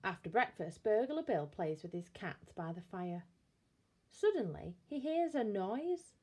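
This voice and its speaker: Woman, bedtime story reading, slow, lively pitch, expressive read-aloud. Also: slightly rough.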